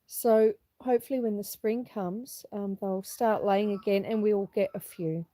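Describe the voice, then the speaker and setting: A middle-aged homesteader fighting a cough hosts a live walk-and-talk, strolling outdoors on her farm with cows nearby and reading viewer comments aloud. Her medium-pitched voice is mellow and steady at normal speed, and the recording is dry.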